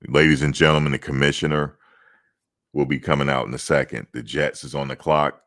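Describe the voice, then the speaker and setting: A man playing a formal draft-night announcer, reading out the pick slowly and deliberately. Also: little pitch movement, a bit bright. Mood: announcing. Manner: slow, booming, deliberate.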